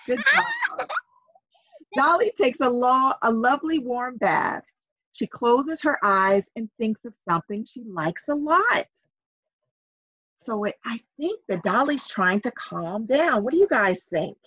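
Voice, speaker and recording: A woman reading a picture book aloud to young children over a video call, pausing to ask them questions. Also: on the high side, breathy edge, no room sound, muffled recording. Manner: animated, coaxing questions to young listeners. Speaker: reader at a virtual story time for children. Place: home setup on a video call.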